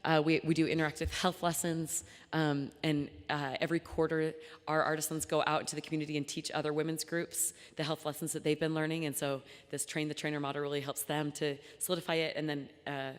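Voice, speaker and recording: A woman's voice: low voice, flat delivery, fairly quick, hardly any pauses. A young woman founder giving an earnest, chatty talk to a luncheon audience, full of ums and restarts. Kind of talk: speech to a live audience. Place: large banquet hall. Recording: long hall reverb.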